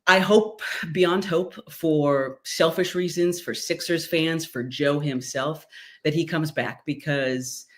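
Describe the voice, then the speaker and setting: A woman who calls basketball games as a play-by-play announcer, guesting on a podcast in animated, chatty talk. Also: deep voice. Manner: animated, chatty, quick storytelling. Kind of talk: casual podcast chat.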